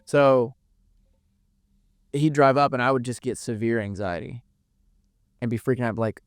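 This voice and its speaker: A man's voice: mid-range voice, unhurried, pauses often, no echo, studio quality. A young man giving an earnest, emotional podcast interview, swearing freely and repeating words as he talks. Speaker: podcast guest. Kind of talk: candid emotional interview talk.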